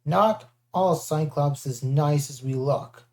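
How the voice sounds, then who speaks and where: A reader doing a gentle childlike young cyclops. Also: mid-range voice, slow pace. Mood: earnest. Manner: childlike simple phrasing. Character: simple-minded gentle young male cyclops. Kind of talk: audiobook character voice.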